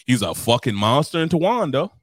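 A young man co-hosting a podcast, swearing freely and telling rambling, animated stories in casual chat. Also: medium pitch, fairly quick, no room sound, clean studio sound. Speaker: podcast co-host.

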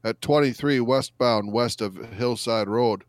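A man co-hosting a podcast, reading out posts in a deadpan way during casual chat. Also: mid-range voice, a little slow, no echo. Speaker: podcast co-host.

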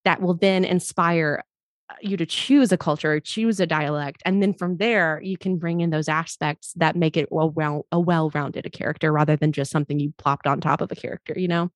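A woman's voice: low-pitched, fairly even intonation, normal speed, dry recording, clean studio sound. A woman guest on a podcast, an actress, chatting casually and often laughing as she explains. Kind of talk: casual interview chat.

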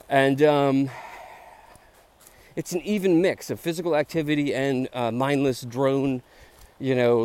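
A man's voice: medium pitch, dark tone. A middle-aged man, a podcast host rambling casually as he walks a park trail. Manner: rambling, chatty, says "dude" and "like" a lot. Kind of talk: casual walk-and-talk monologue.

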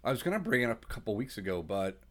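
A man's voice: lowish voice, sing-song, very fast, fairly bright tone. A man co-hosting a podcast, easygoing and joking in rambling casual chat. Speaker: podcast co-host.

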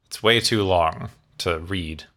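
Low, forceful man in casual talk. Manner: opinionated, emphatic, quick asides. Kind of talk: casual discussion.

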